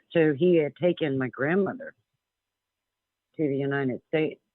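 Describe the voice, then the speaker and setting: Male caller, rambling and sincere, slightly high voice, thin phone-line sound. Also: a little slow, no room sound. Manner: rambling, earnest, with many restarts. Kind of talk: casual storytelling on a talk radio show. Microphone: telephone.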